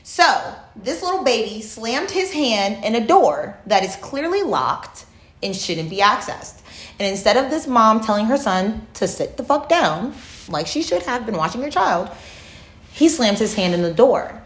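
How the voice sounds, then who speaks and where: A woman co-hosting a podcast, telling stories in a profane, animated way. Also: fairly high pitch, measured pace, reverberant. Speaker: podcast co-host. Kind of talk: casual storytelling chat.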